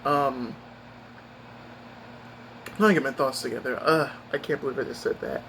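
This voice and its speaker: A man's voice: medium pitch, steady tone, normal speed, vocal fry, fairly bright tone, a little hiss or hum, rough recording. A young adult man telling a personal story to his viewers in a casual, emphatic, rambling way, full of fillers and asides. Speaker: streamer giving a life update.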